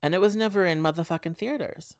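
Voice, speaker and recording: A man's voice: sits high, fast, dry recording, dull audio. A man hosting a podcast, casually recapping a horror movie with lots of fillers and offhand swearing. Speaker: podcast host.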